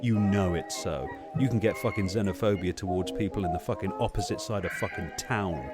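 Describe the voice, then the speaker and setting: A man's voice: sits low, brisk, music in the background. A man from Cornwall, hosting a casual podcast chat in a heated, sweary, ranting way. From Cornwall, England. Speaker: podcast host.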